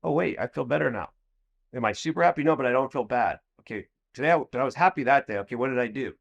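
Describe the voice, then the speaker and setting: A man's voice: medium pitch, expressive, fast, creaky, muffled recording. A man hosting a podcast, explaining an idea casually by talking through examples as if thinking aloud. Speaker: podcast host. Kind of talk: casual conversation.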